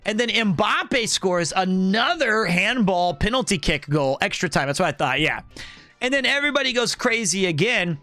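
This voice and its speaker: Bright high-voiced man telling stories. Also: normal speed, dry recording, faint music behind. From United States. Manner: animated, rambling, joking storyteller. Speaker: streamer host. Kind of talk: casual storytelling recap.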